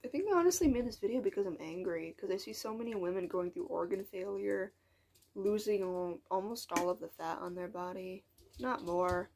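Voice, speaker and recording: A woman's voice: mid-range voice, moderate pace, a little mellow, slight background noise. An eighteen-year-old woman talking in a casual vlog monologue, frank and frustrated, rambling and dropping into whispered asides. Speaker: vlogger.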